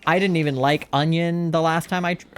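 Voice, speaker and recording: Excitable young man streaming a game. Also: a little high, a little fast, clear, resonant tone, no room sound, soft background music. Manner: excitable, panicky, swears a lot; chatty and rambling when calm. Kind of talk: live game stream commentary.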